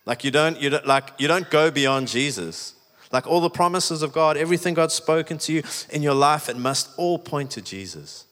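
A man's voice: on the high side, animated, moderate pace, fairly bright tone. A man preaching a sermon in a chatty, emphatic way, with many "like"s. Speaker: pastor. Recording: echoey hall with long reverb.

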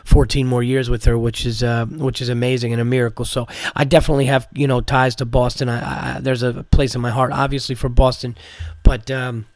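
A man's voice: mid-range voice, level tone, brisk, a little mellow, no room sound, studio quality. A man from New York, a comedian and podcast host, telling a rambling, profane story with many restarts, tired from medicine. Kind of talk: casual storytelling.

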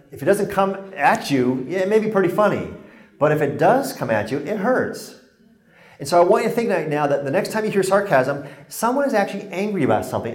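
A man's voice: a little high, darkish tone. Man lecturing in an echoey hall. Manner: conversational, joking, acts out quoted exchanges. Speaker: speaker giving a workshop on stress. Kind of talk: lecture with anecdotes. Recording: roomy hall sound.

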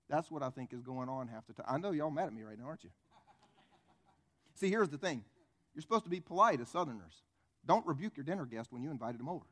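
A man's voice: medium pitch, lively intonation, fast talker, long pauses, a bit bright. A male pastor preaching a conversational sermon full of rhetorical questions and acted-out stories.

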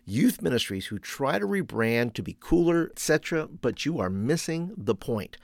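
A man in the middle of the usual pitch range hosts a solo podcast, coaching listeners in a loose, conversational way. He stumbles and restarts often and drops in plenty of fillers. The sound is close and dry, with no room around it. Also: big pitch swings, moderate pace, vocal fry, no echo. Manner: conversational, many fillers and restarts, laughs at own stories. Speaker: youth ministry coach and podcast host. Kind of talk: podcast monologue.

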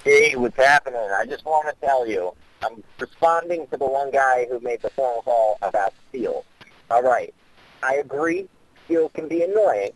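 A man's voice: mid-range voice, expressive, moderate pace, dry recording, low-quality recording. A man calls a podcast and leaves a phone message, blunt and full of swearing but enthusiastic. His voice sounds dry, with no room around it. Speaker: caller.

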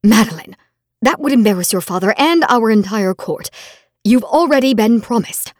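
A woman voicing a gentle, resigned queen mother in an audiobook, speaking softly and soothingly. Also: fairly high pitch, expressive, measured pace, slightly rough, no echo, clean studio sound, exaggerated voice. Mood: firm. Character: gentle, sorrowful queen mother, middle-aged. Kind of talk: audiobook reading.

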